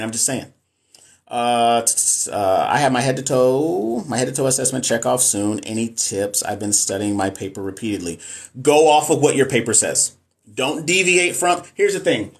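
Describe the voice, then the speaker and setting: A middle-aged man, a nurse and NCLEX coach, chatting casually on a live stream and answering viewer comments in a frank, emphatic way. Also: mid-range voice.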